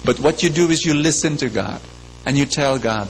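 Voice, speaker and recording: In a large church, a man with a mid-range voice preaches at normal speed, repeating phrases, questioning his listeners, and telling a fable. Long church reverb and a faint hum fill the recording.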